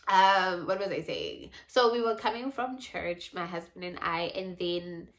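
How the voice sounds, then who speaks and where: A woman's voice: on the low side, a little slow. A woman telling a personal story in a faith vlog, candid and reflective. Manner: candid, reflective, animated in retold asides. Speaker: faith and lifestyle vlogger.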